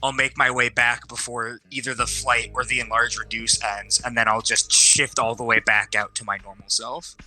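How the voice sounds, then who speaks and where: A man's voice: mid-range voice, little pitch movement, normal speed, few pauses, pushed and bright, low-quality recording. A young man playing a tabletop game, thinking aloud and hedging his choices. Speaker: player. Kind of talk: casual tabletop play.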